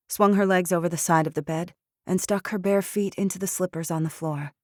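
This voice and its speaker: A woman narrating an audiobook in a measured, steady storytelling manner. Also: lowish voice, no echo. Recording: dry studio recording.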